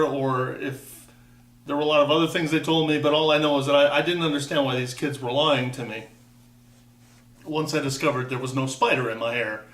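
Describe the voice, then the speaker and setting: This fifties-aged vlogger from Wisconsin has a fairly high, fairly bright voice, picked up from a distance in an echoey room. He wanders through a casual personal monologue, cutting himself off and restarting, with wry comments along the way.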